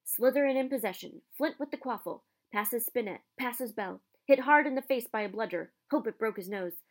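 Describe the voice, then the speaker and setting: A lively young male commentator rattling off play-by-play with cheeky asides, as a woman reading the storybook puts him on. His voice rises high and loud at the big moments, and he hardly pauses between calls. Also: close to an everyday voice. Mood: excited.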